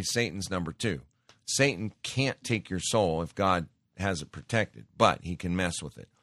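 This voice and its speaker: A man with a lower voice delivers a sermon, alternating scripture reading with emphatic exhortation. The sound is dry and close, with no room around it. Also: fairly bright tone, dry recording. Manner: emphatic, exhorting, addresses listeners as folks. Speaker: preacher.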